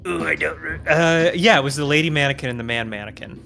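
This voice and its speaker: Bright-voiced man joking through a co-op game. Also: fairly high pitch, vocal fry, faint music behind. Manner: joking, chatty, quick laughs. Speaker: co-op game player. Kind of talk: casual gaming chat.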